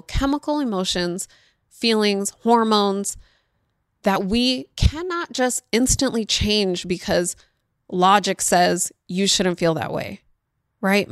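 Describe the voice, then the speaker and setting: A woman's voice: medium pitch, no room sound, clean studio sound. A woman hosting a podcast, talking on her own in an earnest, emotional way and speeding up when she retells tense moments. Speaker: podcast host. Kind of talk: reflective solo talk.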